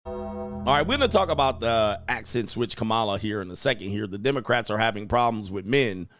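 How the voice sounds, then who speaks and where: A man hosting a reaction stream, commenting in a brash, mocking way with a steady "all right.". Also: fairly low pitch, a little fast, over music. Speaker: host.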